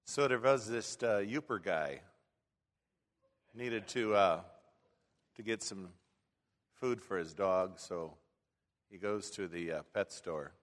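A male pastor delivers a sermon in an easygoing, conversational style, often stopping and restarting his phrases. His voice sits low. Long reverb from the sanctuary lingers behind his words. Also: a bit bright. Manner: folksy, conversational preaching with frequent restarts. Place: church sanctuary.

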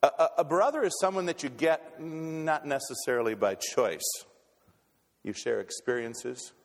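An animated pastor with a medium-pitched voice preaches a little slowly in a church sanctuary. His sermon is folksy, and he stumbles over repeated words as he restarts, with long church-hall reverb.

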